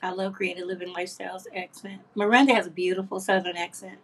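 A woman's voice: lowish voice, little pitch movement, fast, a bit bright, breathy edge. A woman hosting a craft livestream, chatting casually and affectionately with viewers, reading their comments aloud and laughing often.

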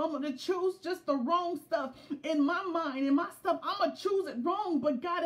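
A middle-aged woman preaching a sermon in a fervent, repetitive cadence that builds to shouts. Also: high voice. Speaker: preacher, pastor's wife.

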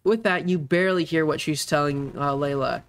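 Higher-voiced male game master. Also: normal speed, clear, resonant tone. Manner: relaxed, hesitant narration with many fillers. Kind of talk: narrating a tabletop game.

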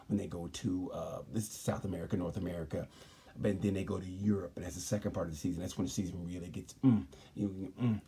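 A man's voice: fairly low pitch, warm tone, husky. A man hosting a comedic motorsport review, rambling and emphatic, often stopping to say "let me tell you something". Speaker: host. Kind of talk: comedic sports commentary.

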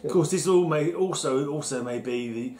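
A man's voice: on the high side, normal speed, mellow. A man co-hosting a casual beer-tasting podcast, rambling and jokey with plenty of swearing. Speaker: podcast co-host. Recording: echoey room with faint noise.

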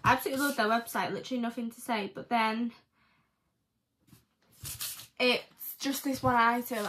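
A woman's voice: a little high, fairly bright tone, slight background noise. A teenage girl from the UK chatting casually to camera at home, telling a rambling story full of "like". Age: teens. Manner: rambling, filler-heavy storytelling with lots of "like". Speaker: vlogger.

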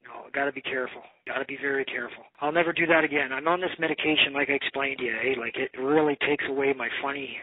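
A man's voice: mid-range voice, fairly even intonation, fast talker, few pauses, husky, no echo. A man telling a long rambling story in a casual phone conversation, swearing now and then. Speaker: bow maker. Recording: tinny phone line.

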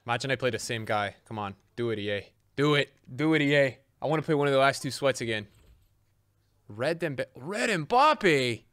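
Excitable man narrating his own gameplay. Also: normal speed, no echo, clean studio sound. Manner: excitable, swings from loud yelps to low muttering. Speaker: gaming video creator. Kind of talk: live gameplay commentary.

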